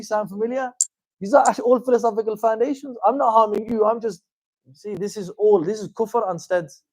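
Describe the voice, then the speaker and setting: A man giving an informal religious lecture as a teacher, animated and conversational, with frequent fillers and wry asides. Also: high-pitched, no room sound. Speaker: Islamic teacher giving a talk.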